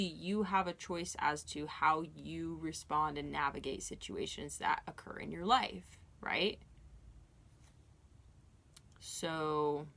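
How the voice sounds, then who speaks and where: A tarot reader with a slightly low, somewhat bright voice gives a casual reading, speaking directly to her listener in an earnest, reassuring way. Her sentences loop back and restart, packed with fillers.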